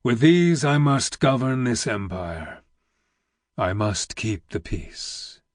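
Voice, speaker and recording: A man reading an audiobook, voicing a weary, heavy old vizier who speaks slowly in a deep, rumbling, almost whispered growl. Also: big pitch swings, dry recording, clean studio sound. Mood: grave. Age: older. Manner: slow, grave and weighty.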